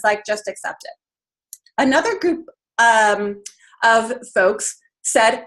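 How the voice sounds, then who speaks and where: A woman's voice: a little high, expressive, measured pace, fairly bright tone. A woman giving an informal webinar talk, who says "um" and "you know" a lot as she explains. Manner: casual, many ums and you-knows. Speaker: webinar presenter.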